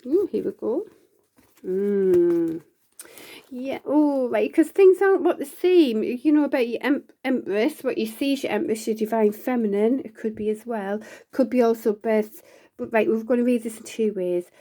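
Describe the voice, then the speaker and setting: A woman's voice: fairly high pitch, moderate pace, dark tone. A woman giving a casual, rambling tarot reading, full of fillers and restarts. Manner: laughs often between lines. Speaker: tarot reader.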